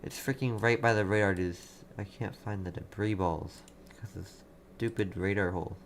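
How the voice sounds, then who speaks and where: Man, lowish voice, live weather stream host, urgent, repetitive, reads chat, desk mic, faint typing behind. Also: fairly even intonation, normal speed, a little hiss or hum. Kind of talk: live severe weather commentary.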